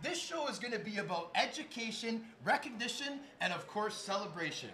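A man's voice: high-pitched, fairly quick, faint music behind. A young man hosting a live podcast taping, hyping up his guests like an announcer before settling into earnest talk. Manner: excitable, announcer-like. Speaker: podcast host. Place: sports bar studio.

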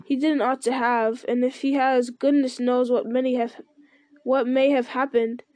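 A woman's voice: sits high, little pitch movement, moderate pace, a little mellow, dry recording, lightly acted. A woman voicing an earnest, plain-spoken male hobbit servant in a read-aloud story. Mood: anxious.

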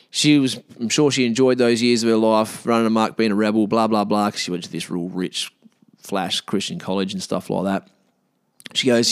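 A man's voice: lowish voice, dry recording, studio quality. A man in his late thirties with an Australian accent, telling a rambling, candid, sweary story and quoting himself along the way. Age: 30s. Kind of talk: casual storytelling monologue.

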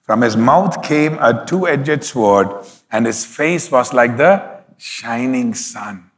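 A man's voice: mid-range voice, lively intonation, slow. Emphatic male preacher in a reverberant hall. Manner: emphatic preaching with repeated hallelujahs. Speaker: pastor. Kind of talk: sermon.

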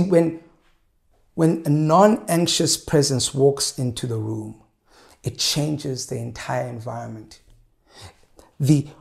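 Gravelly-voiced man preaching a sermon. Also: mid-range voice. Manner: measured preaching, slows for emphasis. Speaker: pastor.

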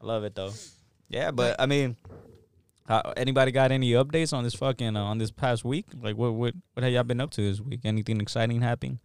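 Hyped, profane podcast host, smooth voice. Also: male voice, mid-range voice, steady tone, quick pace, dry recording, clean studio sound. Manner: hyped, profane, laughs often. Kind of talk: casual chat. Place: backyard shed.

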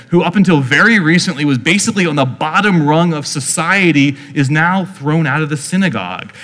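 A man gives a relaxed teaching sermon, talking the way he would in conversation and dropping in lots of fillers. His voice sits a little higher than most men's. Long reverb trails each phrase, as in a large hall. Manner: conversational, chatty, leans on "like" fillers. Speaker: preacher.

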